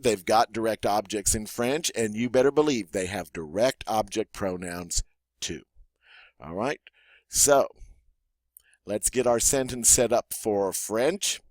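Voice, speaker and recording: A man with a Southern American accent teaching a grammar lesson in an encouraging way, stretching out the example words slowly. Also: lowish voice, no room sound. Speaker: French teacher. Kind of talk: classroom-style grammar lesson.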